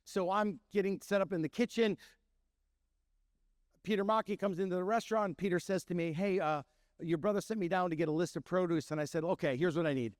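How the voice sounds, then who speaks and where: The recording is dry and studio-clean, carrying a high, fairly quick male voice. He is a middle-aged Milwaukee chef and restaurateur, animatedly telling an audience stories and acting out the voices within them.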